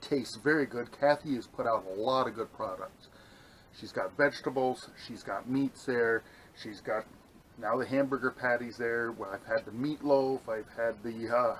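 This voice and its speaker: A man's voice: mid-range voice, a little hiss or hum, rough recording. A man casually reviewing a camp meal he is cooking, rambling and enthusiastic, and talking as he eats. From New York state. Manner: enthusiastic, rambling, talks while eating. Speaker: outdoor vlogger. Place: outdoors at a campsite.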